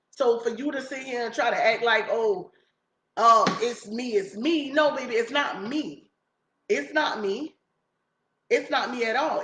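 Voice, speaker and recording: A woman's voice: fairly high pitch, a bit bright, a little hiss or hum. Woman, vlogger, emphatic ranting commentary, roomy echo. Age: adult mother. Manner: emphatic, ranting, repeats herself. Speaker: YouTube vlogger. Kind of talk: casual reaction commentary.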